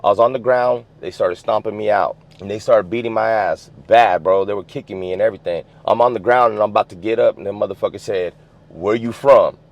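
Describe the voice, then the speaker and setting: A man's voice: lowish voice, fast, few pauses. A man from the US West Coast telling a story in casual, streetwise slang, swearing freely and filling with "you know what I'm saying". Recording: dull lo-fi sound.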